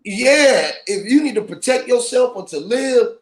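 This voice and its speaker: A man talking casually on a panel, always hyped up and loud in how he speaks. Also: very high voice, animated, a little slow, echoey room, slight background noise. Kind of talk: casual chat.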